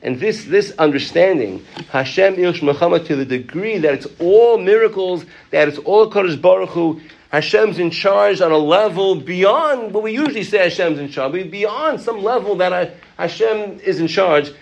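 A man teaching a Torah class, reading out Hebrew and Aramaic sources, restarting phrases and asking the class animated questions. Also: sits high, moderate pace, creaky, muffled recording. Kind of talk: Talmud class lecture.

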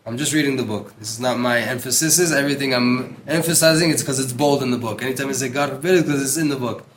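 A man teaches Torah fast, his mid-range voice carrying a little hiss or hum. Reading and translating a text, he sprinkles in Hebrew terms, speaking earnestly and emphatically and repeating words for stress.

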